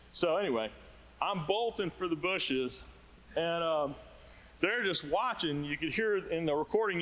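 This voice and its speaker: A man's voice: on the high side, fairly bright tone, a little hiss or hum, low-quality recording. A man presenting at a conference, telling rambling, self-deprecating stories in a casual way. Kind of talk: casual storytelling talk. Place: conference hall.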